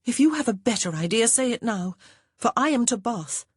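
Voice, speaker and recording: Woman voicing a sharp, anxious young sister. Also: on the high side, lively intonation, moderate pace, husky, no room sound, studio quality, voice pushed up. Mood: insistent.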